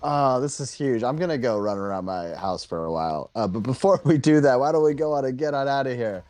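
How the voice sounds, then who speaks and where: A young man hosting a casual gaming podcast, excitable with lively reactions. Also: medium pitch, fairly quick, dry recording. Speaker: podcast host.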